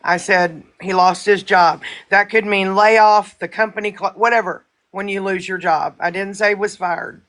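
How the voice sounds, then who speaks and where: A woman's voice: medium pitch, fairly even intonation, normal speed, hardly any pauses, fairly bright tone. A woman hosting a live stream, chatting casually and repeating her points insistently. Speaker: livestream host.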